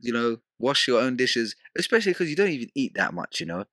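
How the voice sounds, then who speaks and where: Young male podcast guest, bright and animated, mimics people mid-story; dry close-mic sound. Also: mid-range voice, fast, no room sound. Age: young adult. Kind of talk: casual podcast chat.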